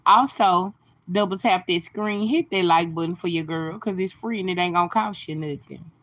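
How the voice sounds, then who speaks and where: A woman's voice: lowish voice, moderate pace, fairly bright tone, dull audio. A woman hosting a casual phone live stream, greeting viewers by name and giving encouraging, sermon-like talk. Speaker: livestream host.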